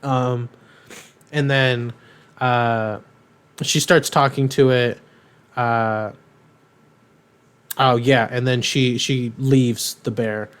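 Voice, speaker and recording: A man's voice: mid-range voice, extremely slow, pauses often, clear, resonant tone. A young man co-hosting a podcast, casually recapping a cartoon in a rambling, filler-heavy way. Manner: rambling, filler-heavy, animated retelling with quoted voices. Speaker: podcast co-host.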